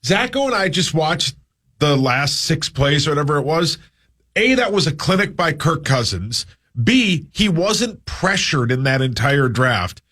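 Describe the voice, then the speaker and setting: A male sports radio co-host with a slightly husky voice and a lively, up-and-down delivery. He rambles easily through casual banter, with faint music in the background. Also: a little high, measured pace. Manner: easygoing, rambling sports talk.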